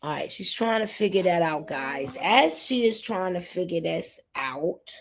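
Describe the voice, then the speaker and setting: A woman from New York hosting a casual live stream, talking straight to her viewers in a lively way. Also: on the low side, a little slow, creaky. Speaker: livestream host. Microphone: phone or computer mic.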